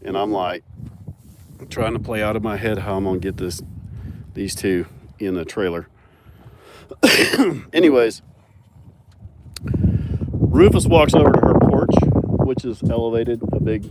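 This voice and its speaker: A young man telling animated, laughing stories outdoors on a mountain farm, filmed on a phone. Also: on the low side, background noise. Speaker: farmer and animal owner. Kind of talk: casual storytelling vlog.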